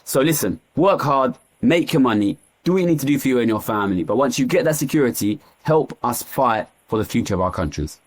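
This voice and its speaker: A man's voice: mid-range voice, expressive, brisk, few pauses. A man with an East London accent, speaking as an economist guest in an interview, talking passionately and repeating phrases for emphasis. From East London, England. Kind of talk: candid interview talk.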